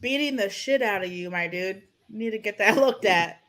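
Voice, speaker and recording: A woman's voice: medium pitch, normal speed, a bit bright. A woman co-hosting a casual online talk show, mocking a streamer with crude, sarcastic remarks and frequent laughter. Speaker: podcast co-host. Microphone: personal mic at home.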